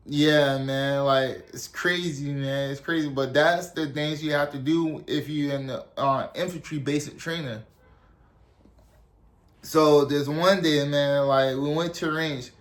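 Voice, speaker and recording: A young man from South Carolina, telling a story casually and rambling with lots of "like" and "you know". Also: fairly high pitch. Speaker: storyteller, army veteran.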